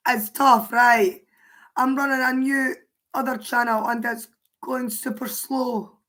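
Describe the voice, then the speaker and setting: A Scottish woman with a hoarse, worn voice, chatting casually on a livestream and answering her viewers' comments aloud. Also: fairly high pitch, steady tone, takes it slowly, fairly bright tone. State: hoarse, voice mostly gone.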